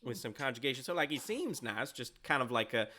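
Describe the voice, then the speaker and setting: A man's voice: mid-range voice, very animated, a little fast, pushed and bright, slight background noise. A man voicing a nervous, tiny halfling man who stammers and repeats his words. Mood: rambling.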